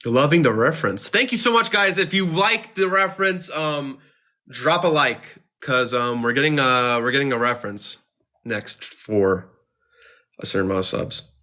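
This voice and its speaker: A man's voice: mid-range voice, expressive, moderate pace, sharp tone. A man livestreaming who reads viewer messages aloud and answers them in a sarcastic, jokey way, swearing often. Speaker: livestreamer reading chat. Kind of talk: casual livestream chat. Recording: music playing clearly behind.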